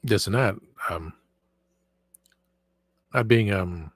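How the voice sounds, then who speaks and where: A man's voice: fairly low pitch, slow, no echo. A man hosting a casual live stream, rambling with many fillers and restarts while answering viewer chat. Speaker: livestream host.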